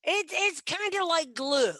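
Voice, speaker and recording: A middle-aged woman, a metal detectorist guest on a video call, telling stories in a lively, chatty way. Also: very high-pitched, unhurried. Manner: animated, chatty, acts out quoted lines. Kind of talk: casual storytelling. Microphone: computer mic on video call.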